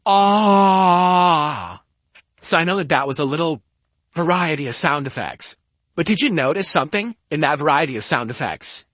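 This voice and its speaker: A man's voice: fairly high pitch, lively intonation, a little fast, pushed and bright, no echo. A man streaming from home, talking casually and emphatically into a close-up podcast microphone, often pushing his point with "okay?". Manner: emphatic, argumentative, keeps asking "okay?". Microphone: studio podcast mic close up.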